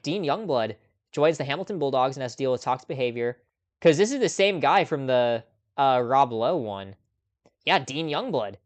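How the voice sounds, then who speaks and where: A man's voice: medium pitch, expressive, normal speed. A man hosting a casual live movie chat stream, talking off the cuff with frequent little laughs and ums. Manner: chatty, laughs often, lots of ums. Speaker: host.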